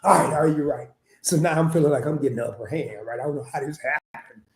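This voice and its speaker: A man's voice: a little high, quick pace. A man from small-town Arkansas, telling a rambling, laughing story on a podcast. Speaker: podcast guest. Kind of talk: casual storytelling chat. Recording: echoey room.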